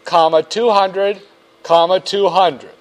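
Male finance instructor, high voice, slow deliberate delivery, wry jokes, patient step-by-step teaching. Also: fairly even intonation. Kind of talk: classroom lecture.

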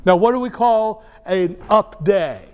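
A man's voice: high-pitched, unhurried. A man lecturing a university finance class, wry and joking, addressing students directly with emphatic asides. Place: lecture hall.

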